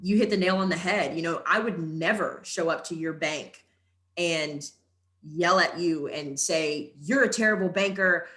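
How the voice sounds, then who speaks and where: A woman's voice: low-pitched, a little slow. A young woman from Texas, a sports reporter, speaking frankly as a podcast guest with lots of "like". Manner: animated, frank, many "like" fillers. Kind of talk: casual conversational interview.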